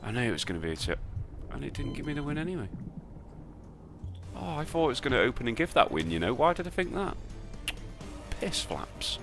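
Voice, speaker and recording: A British slot streamer talks in a mid-range voice with big swings in pitch, moving at a brisk clip over background music. He mutters to himself between outbursts, delivering casual, sweary, sarcastic live commentary on his own spins.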